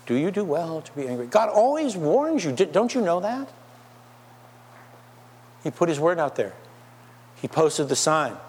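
A man's voice: on the high side, very animated, normal speed, long pauses, a little mellow, slightly rough. A man preaching a sermon in a church, asking his listeners rhetorical questions. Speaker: pastor. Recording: long hall reverb.

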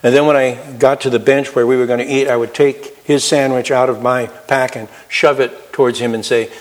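A man preaching a sermon in an earnest storytelling manner, slowing down to stress key words. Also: mid-range voice, flat delivery. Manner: earnest, storytelling, slows for emphasis.

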